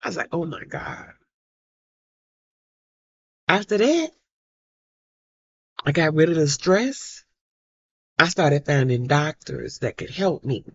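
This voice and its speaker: Low and husky, this middle-aged vlogger speaks in an animated yet unhurried way with long pauses. Addressing the camera, she recounts a personal story emphatically, repeating points and performing what others said; the lo-fi audio has no room sound.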